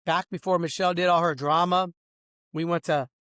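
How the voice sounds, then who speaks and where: A man's voice: on the high side, steady tone, brisk, a bit bright, clean tone, no echo, studio quality. A man delivering a heated, boastful and profane rant about his businesses, calling the listener bro and dog, and swinging between outbursts and mutters. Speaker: business owner ranting. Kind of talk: profane rambling rant to camera.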